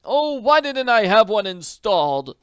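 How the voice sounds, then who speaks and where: A man's voice: high-pitched, big pitch swings, measured pace, a bit bright, smooth, no echo, studio quality, pitched above the performer's own voice, full character voice. A man reading an audiobook, voicing an ailing, distressed middle-aged man in a pleading, overwrought manner. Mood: distraught. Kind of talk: audiobook character voice.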